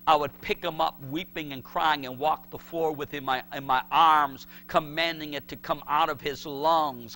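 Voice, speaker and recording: A middle-aged man preaching a sermon, swinging from shouted pleas to hushed words. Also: on the high side, steady tone, moderate pace, few pauses. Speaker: pastor.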